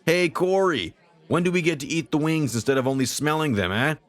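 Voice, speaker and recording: A man voicing a loud, annoying middle-aged male party guest who needles the host. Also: fairly high pitch, a little fast, voice pushed up, close to an everyday voice. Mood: needling.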